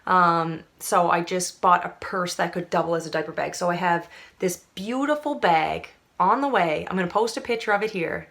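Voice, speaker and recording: A woman's voice: on the low side, normal speed, vocal fry, a bit bright. A young woman from Canada, chatting to camera in a rambling, casual way full of fillers. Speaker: vlogger.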